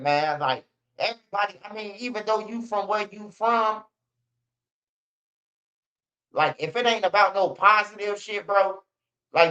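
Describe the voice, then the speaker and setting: Slangy Chicago man, high bright voice. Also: dull audio. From Chicago area. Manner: slangy, repetitive, drawls "bro" and "man" low at line ends. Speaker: commentary channel host. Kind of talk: casual street commentary.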